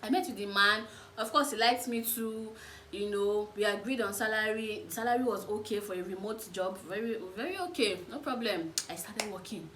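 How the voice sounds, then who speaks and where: Animated young Nigerian woman telling stories. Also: mid-range voice, moderate pace. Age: 20s. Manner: animated, acts out the other people in her stories. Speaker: vlogger. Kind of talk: casual storytelling vlog. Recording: echoey room, faint background noise.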